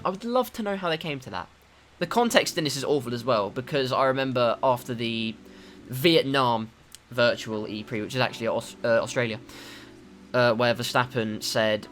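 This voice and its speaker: A man's voice: mid-range voice, fairly quick, soft background music. A man giving a sarcastic, swearing commentary about a racing video game on a desktop USB mic. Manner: sarcastic, swearing, swings to shouting. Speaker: gaming commentator.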